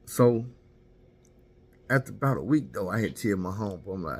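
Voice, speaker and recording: A man's voice: fairly low pitch, lively intonation, normal speed, pauses often, darkish tone, slight background noise. A man casually telling a candid, profane story about himself and mocking his own mistakes.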